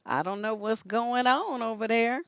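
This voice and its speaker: A woman relationship coach hosting a casual live stream, telling stories in an animated way and laughing often. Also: on the high side, moderate pace, gravelly, smooth, no room sound. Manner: animated storytelling, laughs often, rises to loud peaks.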